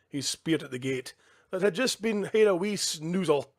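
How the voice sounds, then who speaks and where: A man from the Scottish Highlands with a Highland accent, reading a children's book aloud in a casual, jokey way at his kitchen table. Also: expressive, normal speed. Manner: easygoing, jokey, chatty asides. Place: kitchen at home, indoors.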